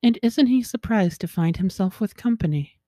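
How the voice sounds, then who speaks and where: A woman host telling a folktale in a lively, expressive reading voice, with occasional chuckles. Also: mid-range voice, moderate pace, no echo, clean studio sound. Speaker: storyteller.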